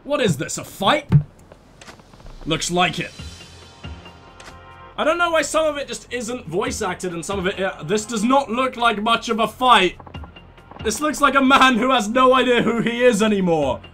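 A man's voice: extremely high pitch, expressive, moderate pace, pauses often, bright, forceful tone. A man hosting a let's play, joking through the game and reading the subtitles aloud in silly voices. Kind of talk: gameplay commentary. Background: game music.

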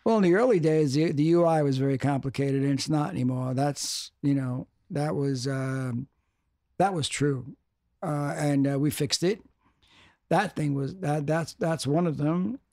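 Older guy on a podcast, kinda high voice, rambling, says stuff over and over. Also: unhurried, a little mellow, dry recording, studio quality. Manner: rambling, restarts, emphatic repetition. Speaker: guest. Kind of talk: casual interview talk.

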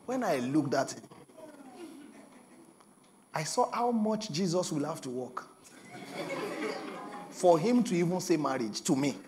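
A young adult Nigerian man preaching a sermon as pastor, telling stories with bursts of shouting and laughter. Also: on the high side, animated, measured pace, long pauses, background noise.

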